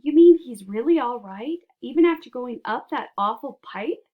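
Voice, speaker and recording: A woman's voice: high-pitched, animated, normal speed, phone-quality sound. A woman doing an eager, curious little boy.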